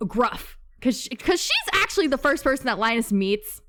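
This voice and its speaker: A woman hosting a casual book club chat, bubbly and laughing often, with quick asides. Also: sits high, big pitch swings, a bit bright.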